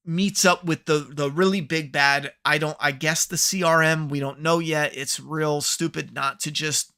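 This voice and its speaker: A man's voice: fairly high pitch, bright, forceful tone, smooth. A man hosting a podcast, giving a profane, sarcastic TV review rant. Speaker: podcast host. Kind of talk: ranting TV review.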